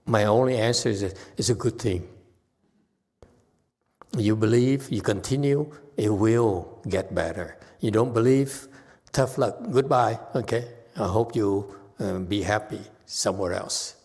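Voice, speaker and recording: A Buddhist teacher giving a Dharma talk and answering questions, animated and chuckling, often repeating himself. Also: male voice, mid-range voice, unhurried, in a large hall.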